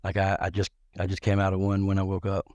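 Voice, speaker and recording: A middle-aged man with a fairly low voice rambles through crude, joking stories on a live talk show. He keeps restarting and repeating words as he goes, and his voice sounds close and dry. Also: monotone, fast talker, darkish tone, dry recording, muffled recording.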